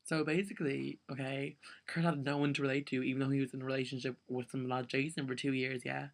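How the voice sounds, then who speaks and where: Young guy ranting, gravelly voice. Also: mid-range voice, little pitch movement, fast. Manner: exasperated, filler-heavy ranting with lots of "like". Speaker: vlogger. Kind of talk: casual rant to camera.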